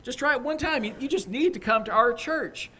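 A man voicing an excited, pushy church lady who keeps inviting a stranger to church. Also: fairly quick, slight background noise. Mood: insistent. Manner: high, insistent, breathless.

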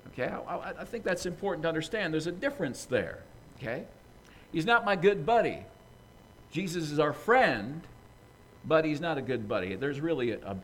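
A man preaching a sermon, teaching with emphatic, animated delivery. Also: on the high side, low-quality recording. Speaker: pastor.

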